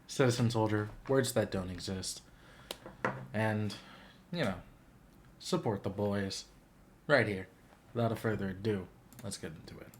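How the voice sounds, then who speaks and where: A man's voice: lowish voice, a little slow, pauses often, very noisy. Earnest man hosting a reaction video. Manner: reflective, searching for words. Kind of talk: casual earnest reaction talk. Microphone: microphone to camera.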